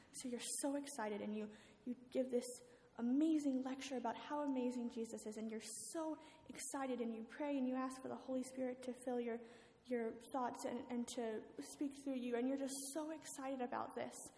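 Casual gravelly woman in an echoey hall. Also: a little high, steady tone, normal speed, hardly any pauses, warm tone. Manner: casual, with filler words. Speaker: guest speaker. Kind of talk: storytelling sermon. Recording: echoey hall with faint ambience.

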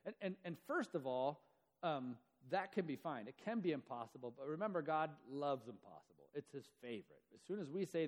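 A man preaches a sermon conversationally, acting out the quoted voices as he goes. His voice is fairly high with lively intonation at normal speed, and a long hall reverb surrounds it.

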